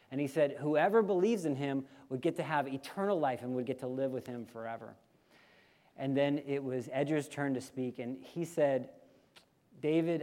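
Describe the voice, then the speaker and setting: Man telling a story in an echoing hall. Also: mid-range voice. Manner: lively storyteller, leads listeners in repeating phrases. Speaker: missionary speaker. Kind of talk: storytelling testimony to a congregation. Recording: long hall reverb.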